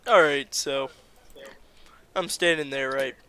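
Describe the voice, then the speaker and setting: A man's voice: medium pitch, slow, bright, forceful tone, clear, resonant tone. A man improvising a crude story in a rambling, laid-back way over voice chat. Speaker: comedy game player.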